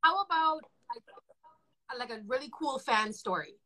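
A woman hosting a casual livestream in an upbeat way, thanking viewers and asking questions. Her voice sits a little high and sounds bright and forceful. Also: animated, normal speed. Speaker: livestream host.

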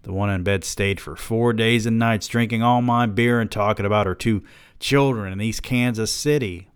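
Deep-voiced man reading aloud deadpan. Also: normal speed, clear, resonant tone, no room sound, clean studio sound. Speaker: podcast host reading a novel aloud. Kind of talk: audiobook-style reading.

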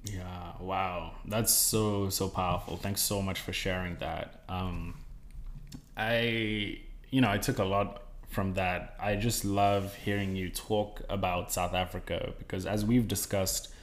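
Male podcast host, low voice, appreciative and conversational. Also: steady tone, slow pace. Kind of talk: conversational interview.

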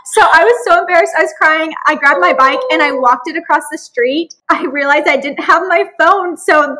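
A woman's voice: high-pitched, normal speed, bright, forceful tone, rough recording. A young married woman telling a story in casual chat, sheepish and self-deprecating.

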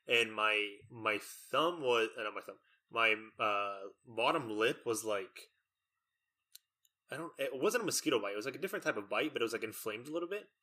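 A man's voice: mid-range voice, expressive, moderate pace, bright, forceful tone. A young man from Texas in casual chat, talking loosely with many fillers.

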